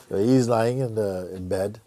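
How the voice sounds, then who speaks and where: A man acting as a spiritual teacher, telling a parable in an animated way, laughing often and tagging his lines with "no?". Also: fairly low pitch. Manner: lively and animated, laughs often, tags lines with "no?" and "you know". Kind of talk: storytelling in a spiritual talk.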